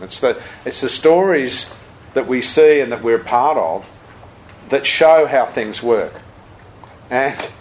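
An older man, a Buddhist teacher giving a talk full of anecdotes, told with lively chuckles. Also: mid-range voice, a little hiss or hum, poor audio.

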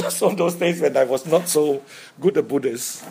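A man's voice: fairly high pitch, unhurried, creaky, noisy background. A man giving an informal Buddhist dharma talk, chatty, chuckling often and checking in with "right?". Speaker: Buddhist teacher.

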